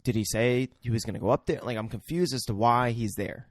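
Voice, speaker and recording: A man co-hosting a podcast, chatting about a movie in a relaxed way, laughing easily and trailing off. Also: mid-range voice, fairly quick, no room sound. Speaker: podcast co-host. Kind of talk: casual movie chat.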